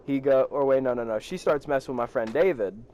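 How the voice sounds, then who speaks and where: Teen boy, casual storytime vlog, rambly and profane, average pitch. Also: a little fast, a little mellow, a little hiss or hum. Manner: rambling, profane, laughs while telling. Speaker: vlogger.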